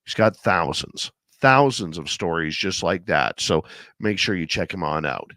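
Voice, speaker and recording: A man with a lowish voice hosts a talk show while getting over a head cold. He chats loosely and rambles, often padding with fillers. The sound is dry and close, with no room around him. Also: expressive, unhurried, bright, forceful tone, no room sound. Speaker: radio show host. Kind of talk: casual chat.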